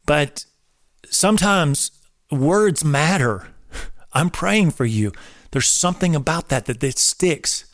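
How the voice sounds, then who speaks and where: A man's voice: on the high side, expressive, slow, dry recording, studio quality. Emphatic forty-something man, coach-like preaching. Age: 40s. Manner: emphatic, coach-like, drill-instructor energy. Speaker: host. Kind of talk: casual preaching talk.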